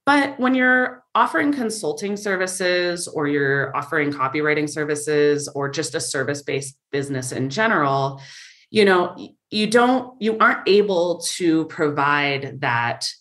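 A woman's voice: deep voice, lively intonation, measured pace, a bit bright. A woman guest in a casual interview, explaining things thoughtfully with frequent fillers. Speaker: marketing guest.

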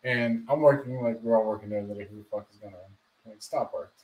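A man's voice: fairly low pitch, fairly even intonation, a little fast, darkish tone, low-quality recording. A man co-hosting a podcast, laid-back and swearing casually as he chats. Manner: laid-back, swears a lot, says dude. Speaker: podcast co-host. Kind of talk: casual chat. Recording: voice a bit off-mic.

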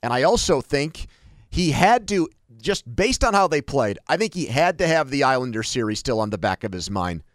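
A man trading opinions on a sports talk show, often restarting his sentences as he argues. His voice sits in an ordinary middle pitch. It is recorded dry and close, with no room sound. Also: big pitch swings, moderate pace, no room sound. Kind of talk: casual sports debate.

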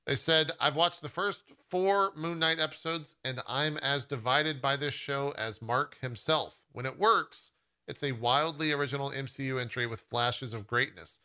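A man's voice: mid-range voice, normal speed, sharp tone, clear, resonant tone. A man co-hosting a podcast who reads reviews aloud in an easygoing way and laughs often. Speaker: podcast co-host. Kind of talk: casual podcast chat, reading reviews aloud.

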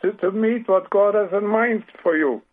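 A man's voice: sits high, moderate pace. A man in his seventies with a German accent, a guest author speaking earnestly with many restarts in a radio interview. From Britain, raised in Paraguay. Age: 70s. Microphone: telephone. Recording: tinny phone line.

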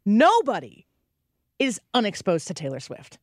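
A woman's voice: medium pitch, huge pitch swings, measured pace, no room sound, clean studio sound. A woman co-hosting a radio talk show, chatting casually and giving opinionated takes with wry asides. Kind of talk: casual chat. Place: radio studio.

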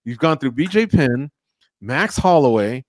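A man's voice: mid-range voice, animated, measured pace, no room sound. A man hosting a podcast, chatting casually with a guest and asking playful questions. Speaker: podcast host. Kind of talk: casual interview talk.

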